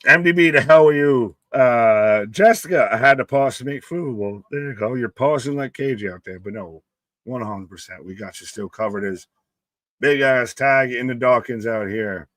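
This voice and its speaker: A man's voice: mid-range voice, normal speed, fairly bright tone, no room sound. A man hosting a casual live stream, calling the match play by play and reading chat comments aloud, loose and profane and often laughing.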